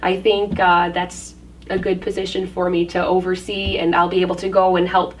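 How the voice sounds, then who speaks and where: A woman's voice: on the low side, flat delivery, moderate pace. A woman being interviewed as a community project organizer, speaking earnestly and casually with lots of ums. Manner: earnest, filler-heavy, with frequent ums. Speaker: guest, dog park organizer. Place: community hub building, indoors. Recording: distant mic, faint room noise.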